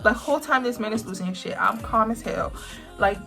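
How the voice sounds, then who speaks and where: A young woman vlogger telling a personal story with emphatic, drawn-out words. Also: a little high, vocal fry, pushed and bright, soft background music. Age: young adult. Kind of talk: storytime vlog.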